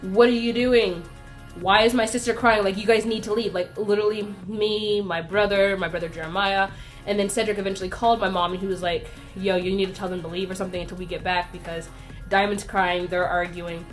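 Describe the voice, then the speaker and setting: A young woman vlogger casually telling a story, chatty and animated, acting out the lines of the people in it. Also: medium pitch, fast talker. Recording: faint music playing behind.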